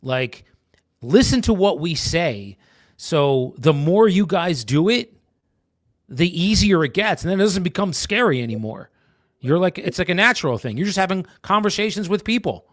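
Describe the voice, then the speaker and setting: A man's voice: high voice, sing-song, normal speed, no room sound, clean studio sound. A man from New Jersey co-hosting a casual real estate chat, rambling and restarting his sentences, calling his partner brother. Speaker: real estate agent, co-host.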